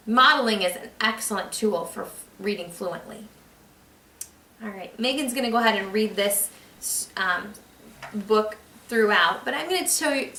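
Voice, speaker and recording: A woman's voice: on the high side, bright, forceful tone. A woman explaining to parents how to read with their child, patient and encouraging as she demonstrates. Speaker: reading teacher. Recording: echoey room, mic far off.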